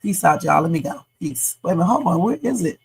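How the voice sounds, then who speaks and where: A woman's voice: lowish voice, lively intonation, fast, gravelly, slightly rough, rough recording. A woman hosting a late-night livestream, tired and playful, chatting loosely and joking around as she signs off. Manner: playful, silly, loose and rambling. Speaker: livestream host. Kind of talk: casual livestream sign-off chat.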